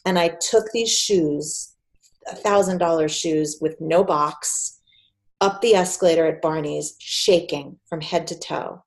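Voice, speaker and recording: Woman in her 40s, podcast guest, tells stories lively, kinda low voice. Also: measured pace. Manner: animated storyteller, acts out quoted voices. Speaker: podcast guest, PR agency founder. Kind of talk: casual storytelling interview.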